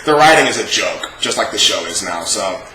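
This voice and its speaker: A man's voice: fairly low pitch, animated, fairly quick, sharp tone, slight background noise. A young man in a casual, profane rant, reviewing a show with exasperated sarcasm. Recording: echoey room.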